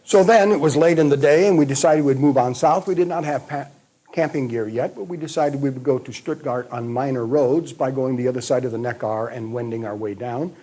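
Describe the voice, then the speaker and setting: An older man with an American accent reminisces at an unhurried, storytelling pace. His voice is mellow and warm, with a slightly husky edge. He lingers on the details as he recalls his travels. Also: mid-range voice. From United States. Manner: measured, detailed recollection. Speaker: retired history professor recounting travels.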